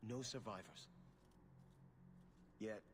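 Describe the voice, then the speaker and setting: In game audio with clear background noise, an actor with a lowish, slow voice plays a formal, earnest young nobleman archer in a fantasy video game, speaking courteously.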